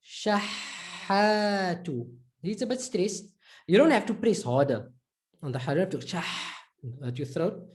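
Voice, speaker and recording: A man's voice: high-pitched, very animated, dark tone. Encouraging male Arabic reading teacher. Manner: encouraging, repeats words slowly for drilling. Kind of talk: recorded online lesson.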